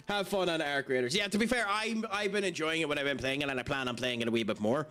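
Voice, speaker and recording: Lively man chatting while gaming. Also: fairly high pitch, brisk. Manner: chatty, laughs at himself, many fillers. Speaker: game streamer. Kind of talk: casual live-stream commentary.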